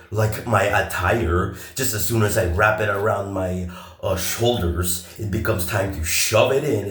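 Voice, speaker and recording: A man talking in a long, rambling monologue. He swears a lot, turns sarcastic, and stops often on filler pauses. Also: on the low side, reverberant. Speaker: vlogger.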